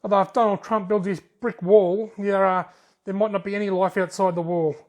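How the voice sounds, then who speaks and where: A fishing channel host with an Australian accent reads out viewer comments on his videos in casual chat, joking, laughing often, and drawling his words. His voice sits high and a little mellow, fairly quick with little pitch movement.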